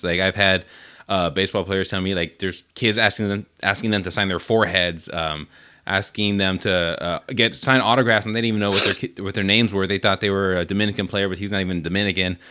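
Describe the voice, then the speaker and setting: A man's voice: fairly low pitch, pushed and bright. A man hosting a casual podcast interview, asking rambling questions with lots of fillers. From Puerto Rico. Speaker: podcast host.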